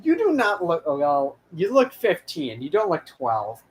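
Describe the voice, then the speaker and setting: A man's voice: on the high side, huge pitch swings, unhurried. A young man hosting a history channel, wrapping up an episode in rambling casual chat full of restarts and fillers. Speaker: channel host.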